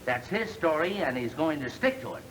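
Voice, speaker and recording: An actor playing a slick, fast-talking salesman in a 1930s film comedy, glib and wisecracking, reading aloud in a mock-solemn way. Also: a little high, big pitch swings, a bit bright, slight background noise, rough recording. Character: slick smart-aleck young salesman.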